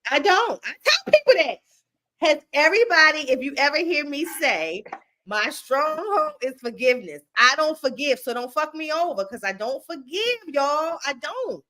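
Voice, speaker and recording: Lively high-voiced teasing woman. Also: normal speed. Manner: laughs often, blunt and teasing. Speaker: podcast co-host. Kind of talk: casual chat.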